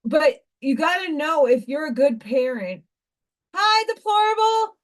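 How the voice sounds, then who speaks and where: A woman's voice: high-pitched, animated, measured pace. A woman hosting a casual livestream, talking in a rambling, emphatic way and greeting viewers by name between her points. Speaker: livestream host and school teacher.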